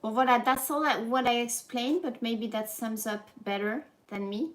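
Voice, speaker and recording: Her voice a little high and her speed normal, the YouTuber reads a form aloud on a casual livestream, tossing in joking asides and French exclamations amid frequent laughter. Her French accent comes through, and there is slight background noise.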